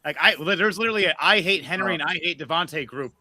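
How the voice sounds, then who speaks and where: A man's voice: a little high, fast talker, bright, forceful tone. A man ranting furiously on a livestream podcast, profane and threatening. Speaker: podcast co-host.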